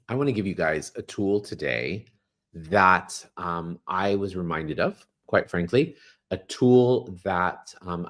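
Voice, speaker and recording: A man with a low voice gives a spiritual talk and guided meditation. His pitch swings widely as he repeats phrases like a mantra. When he guides the breathing, he slows down and speaks softly. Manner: slow and soft when guiding breathing. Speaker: astrology host.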